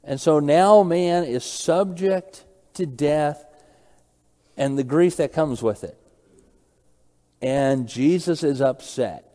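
A man's voice: fairly high pitch, slow pace, pauses often, dark tone. Reverberant preacher, a man questioning his flock. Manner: questions the audience, repeats phrases, reads verses aloud. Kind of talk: interactive Bible study sermon.

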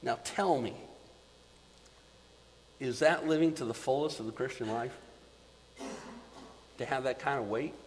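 A man preaching a sermon as pastor, swinging between loud emphasis and quiet, repeating words for weight. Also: mid-range voice, measured pace, long pauses, big-room sound, slight background noise, poor audio.

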